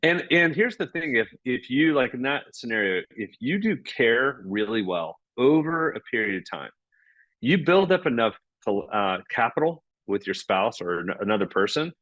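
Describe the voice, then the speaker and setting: A man speaking as a podcast guest, explaining ideas in a conversational way and acting out bits of dialogue with lively energy. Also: mid-range voice, normal speed, no room sound, muffled recording. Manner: animated, acts out dialogue.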